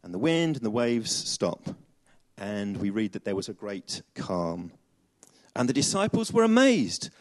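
A man's voice: on the low side, lively intonation, a little slow. A man preaching a chatty sermon to a congregation, with many fillers and restarts.

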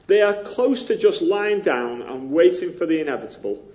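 A pastor with a northern English accent from near Liverpool gives a sermon in a chatty, self-deprecating way, with many ums. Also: male voice, fairly high pitch, lively intonation, moderate pace, a little mellow, lo-fi sound. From northern England.

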